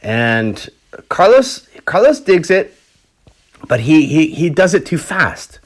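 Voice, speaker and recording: A man hosting a podcast, telling a story in a relaxed, rambling way, swearing freely. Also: a little high, slow. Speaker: podcast host.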